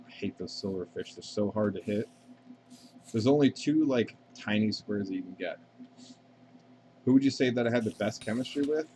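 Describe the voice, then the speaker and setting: A man's voice: on the low side, moderate pace, pauses often, noisy background. A man chatting casually and rambling while playing a game on a live stream, swearing freely and answering viewer questions.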